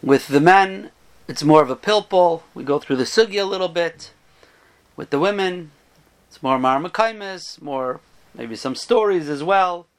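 High-voiced man telling a parable. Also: measured pace. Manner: animated storyteller, voices the characters. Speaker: rabbi giving a Torah talk. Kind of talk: storytelling sermon.

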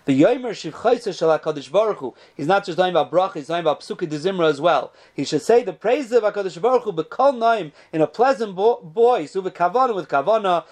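A man's voice: high-pitched, quick pace, hardly any pauses. A man giving a casual Torah lesson, telling stories and sprinkling in Hebrew terms. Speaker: Torah teacher.

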